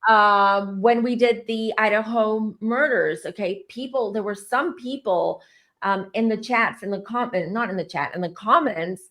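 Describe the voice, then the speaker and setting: A woman's voice: medium pitch, unhurried, a bit bright. A woman hosting a casual chat as a psychic medium, talking emphatically with restarts. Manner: emphatic, rambling, frequent restarts.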